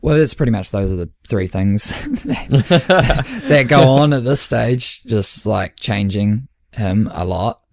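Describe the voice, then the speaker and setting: A man's voice: mid-range voice, expressive, takes it slowly, vocal fry, no room sound, studio quality. A man, co-hosting a podcast and chatting casually as an endurance coach, often laughing and acting out his own dialogue. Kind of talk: casual chat.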